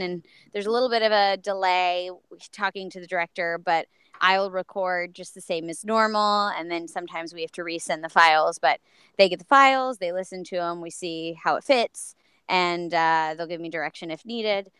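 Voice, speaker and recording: A woman guest, a voice actress, chatting casually and upbeat, filling pauses with um and uh. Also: lowish voice, a bit bright, clean tone, no echo. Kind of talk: casual live-stream chat.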